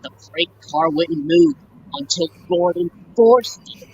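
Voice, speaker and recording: A woman speaks in an unhurried, somewhat low voice, halting as she lists scenes and quotes from her books. The audio is dull and muffled, like a live-stream call. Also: darkish tone, a little hiss or hum. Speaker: fan sharing a book collection. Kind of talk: casual live-stream chat.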